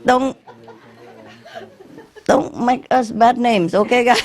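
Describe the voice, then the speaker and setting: Woman, spiritual teacher, joke-telling, slow, halting, laughs a lot. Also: fairly high pitch, crowd noise. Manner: laughing often, halting, repeats words. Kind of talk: telling jokes to a gathering.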